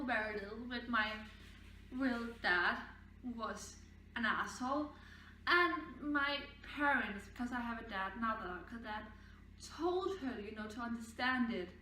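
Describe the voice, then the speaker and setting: A woman's voice: on the high side, bright, forceful tone, distant mic, a little hiss or hum. A young woman vlogging a casual storytime, rambling and indignant, with frequent swearing. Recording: echoey room, voice away from mic.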